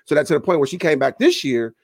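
A man who is a school principal and podcast co-host, telling a lively story in casual chat and acting out the people he quotes. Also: fairly high pitch, quick pace, no echo. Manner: animated storyteller who acts out quoted voices.

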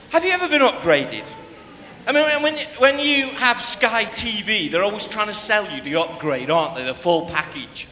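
Lively preacher in an echoey hall. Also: male voice, high voice, normal speed. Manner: lively storyteller, breaks into shouts when re-enacting. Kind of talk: sermon with personal storytelling. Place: church hall. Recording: echoey hall, faint ambience.

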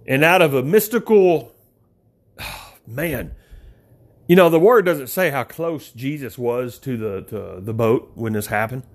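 A man preaching an informal sermon, talking straight to his listeners as folks, with big swings in pitch. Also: unhurried, vocal fry.

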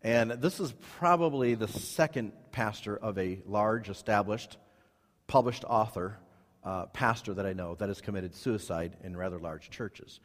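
A male pastor preaching to his church, emphatic, repeating phrases, with sudden rises in pitch and volume. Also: a little slow. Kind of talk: sermon. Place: church sanctuary. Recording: long hall reverb.

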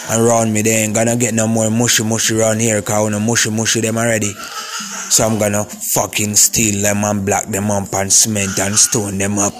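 A man with a Jamaican accent rants in a profane, preachy way, repeating his words over and over. His voice sits low and stays flat, with barely any rise or fall. Faint music plays behind him. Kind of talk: ranting monologue.

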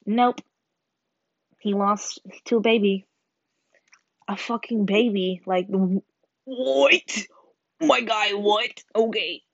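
A woman's voice: mid-range voice, steady tone, takes it slowly, long pauses, no room sound. A teenage girl in a rambling, swearing, self-mocking chat to camera. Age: teens. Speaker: vlogger. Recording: slightly dull lo-fi sound.

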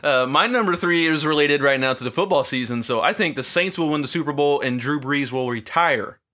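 A man co-hosting a podcast, easygoing and quick to laugh in casual chat. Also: fairly high pitch, pushed and bright. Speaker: podcast co-host.

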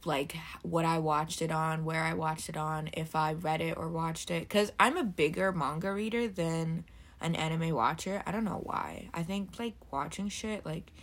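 A woman's voice: sits low, fairly even intonation, moderate pace. A young woman hosting a solo podcast, rambling casually and swearing freely, her voice a little throaty from just waking up. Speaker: podcast host.

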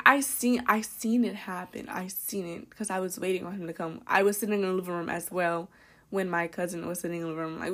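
A young woman hosting her own podcast, telling a story in a casual, animated way, full of laughs, swearing and "like". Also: medium pitch. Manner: animated, laughing, profane, lots of "like". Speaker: podcast host.

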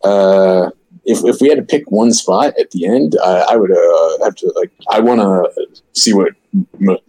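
A man in a casual chat with friends, hesitant at times and quick to laugh and tease. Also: low-pitched, mellow, slightly rough.

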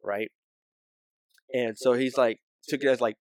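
A man's voice: mid-range voice, fairly even intonation, a little slow, dry recording. A young man co-hosting a podcast, telling a story in a casual, rambling way with many fillers. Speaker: podcast co-host.

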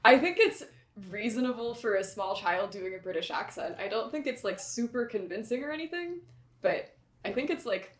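Brief: female podcast co-host, easygoing and chatty, slightly high voice, roomy echo. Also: animated, moderate pace, slight background noise. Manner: chatty, easygoing, fond of hedging. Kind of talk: casual chat.

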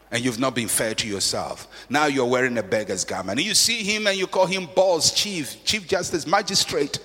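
A man preaching a sermon dramatically, swinging from soft passages to shouts. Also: sits high. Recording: long hall reverb.

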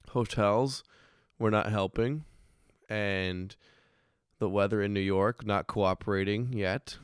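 A man in his thirties hosting a casual finance chat, hoarse from losing his voice, rambling and swearing with frequent restarts. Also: on the low side, no room sound, studio quality. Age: 30s. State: hoarse, recovering voice. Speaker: podcast host.

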